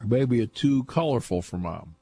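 A man's voice: medium pitch, lively intonation, normal speed, mellow, slightly rough, dry recording. A man talking football in casual chat, chatty and laughing often as he tells stories. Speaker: football analyst.

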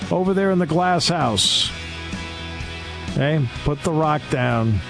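A male radio host riffs in a sarcastic, scolding monologue from the studio. His voice sits a little high and swings widely in pitch. Faint music plays underneath. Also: expressive, slow pace, gravelly. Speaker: radio talk show host. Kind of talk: opinionated talk radio monologue.

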